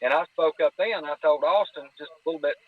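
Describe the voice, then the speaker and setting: Man, slightly higher pitch, folksy yarn-spinner who re-tells conversations; dry, close-miked sound. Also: brisk, dry recording. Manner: folksy, recounts dialogue with repeated "I said". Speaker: podcast guest telling hunting stories. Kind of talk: casual storytelling. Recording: dry, tinny phone-line sound.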